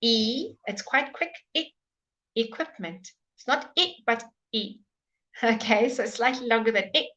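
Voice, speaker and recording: A woman's voice: a little high, normal speed, a bit bright, lo-fi sound. A woman teaching English pronunciation in a live online lesson, patiently repeating each word many times.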